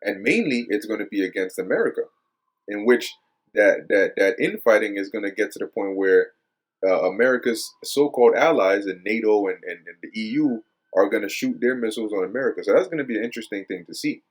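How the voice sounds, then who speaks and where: A man's voice: fairly low pitch, expressive, brisk. A man reading news quotes aloud and commenting on them in a casual religious style, with lots of hesitations and repeated words. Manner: many fillers and repeated words; reads quotes aloud then remarks on them.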